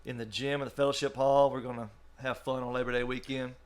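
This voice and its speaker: A man's voice: medium pitch, flat delivery, fast. A man in his sixties, a youth pastor, joking and teasing in a casual podcast chat.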